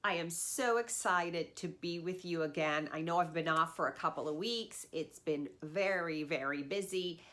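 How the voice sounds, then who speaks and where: A woman's voice: fairly low pitch, fairly bright tone. A woman in her fifties with a congested, nasal voice from a sinus cold, chatting enthusiastically as host of her luxury unboxing channel. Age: 50s. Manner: enthusiastic, chatty, drawn-out emphasis on words. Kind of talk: casual direct-to-camera chat.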